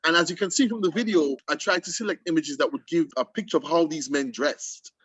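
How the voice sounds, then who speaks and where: A man with a lilt hosts a casual poetry chat aimed at students, and he explains with animated, emphatic bursts and restarts. His voice sits a little higher than most men's, and the sound is dry and close. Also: brisk, breathy edge, no echo. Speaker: host. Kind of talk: casual literary discussion for students.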